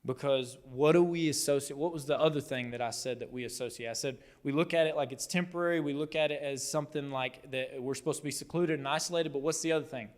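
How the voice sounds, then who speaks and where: A man's voice: fairly high pitch, quick pace, few pauses. A man preaching a sermon as pastor, telling the story conversationally and acting out the quotes with animation. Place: church hall. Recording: long hall reverb.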